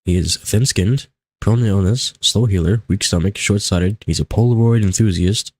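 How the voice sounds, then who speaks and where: A man's voice: fairly low pitch, normal speed, a little mellow, breathy edge, dry recording. A young man commentating a live game stream in a casual, rambling way, still groggy in his morning voice, on a desk mic at his home setup. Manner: casual, rambling, self-talk while playing. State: groggy just-woke-up morning voice. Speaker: livestreamer.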